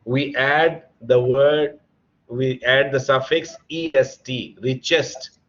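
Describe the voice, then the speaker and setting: A man's voice: mid-range voice, fairly even intonation, fairly bright tone. Patient male teacher on a dull call line. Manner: patient, drawn-out explaining, spells words letter by letter. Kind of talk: online English grammar lesson. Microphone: computer mic on a video call. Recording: dull lo-fi online call audio.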